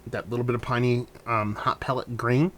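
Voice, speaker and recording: A man's voice: medium pitch, level tone, moderate pace, fairly bright tone, a little hiss or hum. A man casually reviewing a hazy beer on his vlog, talking loosely with rambling asides and frequent swearing.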